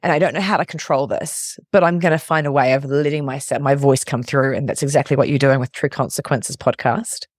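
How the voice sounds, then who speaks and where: A man's voice: mid-range voice, steady tone, a little fast, hardly any pauses, no echo, studio quality. A man hosting a podcast interview, speaking in an affirming, reflective way and often restarting his phrases. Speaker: podcast host.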